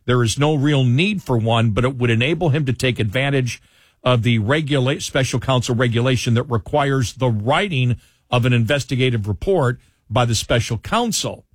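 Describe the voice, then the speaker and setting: A man's voice: mid-range voice, normal speed, dry recording, clean studio sound. A man hosting a talk radio show, chatting with his co-host and then reading from a newspaper column, with frequent restarts. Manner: rambling, restarts, reads a column aloud. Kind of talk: casual talk radio banter and commentary. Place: radio studio. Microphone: studio headphones and mic.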